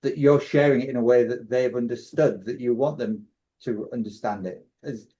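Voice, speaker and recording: A man's voice: mid-range voice, moderate pace, mellow. A man hosting a coaching podcast, summing up advice point by point in a casual way with frequent restarts.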